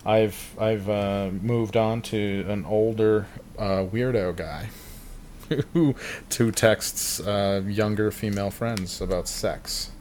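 A man's voice: lowish voice, fairly even intonation, slow pace, darkish tone, a little hiss or hum. A man in his thirties co-hosting a casual podcast chat, sarcastic and laughing often. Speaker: podcast co-host.

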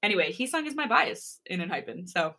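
A woman's voice: medium pitch, big pitch swings, a little fast, pushed and bright. Podcast host reading fan fiction aloud, woman, laughs a lot, casual. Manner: laughs often while reading.

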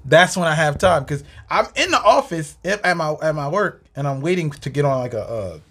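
A man's voice: a little high, expressive, moderate pace, a bit bright, breathy edge. A man co-hosting a casual podcast chat, laid-back and slangy, with lots of filler words. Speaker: co-host.

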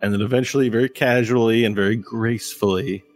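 A man running a tabletop game as game master, narrating with animated delivery and frequent laughter. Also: mid-range voice, quick pace. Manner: animated, laughs often, acts out voices.

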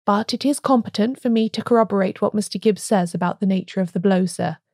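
A woman's voice: medium pitch, quick pace, darkish tone, no echo, studio quality, lightly acted. A woman voicing a nervous, formal doctor. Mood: cautious. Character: tall, nervous male family doctor. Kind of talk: audiobook character voice.

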